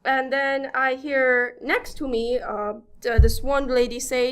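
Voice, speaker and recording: A young woman from Minnesota tells a story on a podcast with an animated, giggly delivery. Her voice sits high. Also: slow, smooth. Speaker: podcast co-host. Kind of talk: casual chat.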